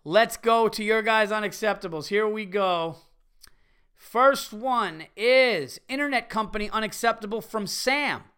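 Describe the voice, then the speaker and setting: A middle-aged man hosting a podcast, telling a profane, animated story with bursts of exasperation. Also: high voice, a little slow, smooth. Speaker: podcast host. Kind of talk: casual comedic storytelling rant.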